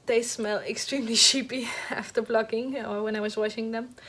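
At home beside a heater, a knitting podcast host shows off her projects in a casual show-and-tell chat. Her voice is somewhat high and fairly bright, with fairly even intonation. She speaks haltingly, with lots of fillers and restarts, and sounds slightly out of breath.

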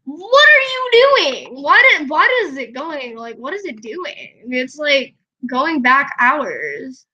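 A woman's voice: high-pitched, very animated, slow, sharp tone, highs cut off. A young woman giving casual, giggly commentary while playing a life-simulation game. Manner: giggly, chatty, often laughing. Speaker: gameplay vlogger.

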